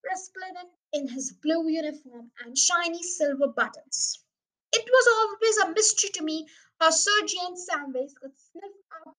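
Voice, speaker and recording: A woman reading a children's novel aloud as a podcast host, in a plain, careful manner with lively emphasis. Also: sits high, poor audio. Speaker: audiobook reader. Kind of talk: storybook reading.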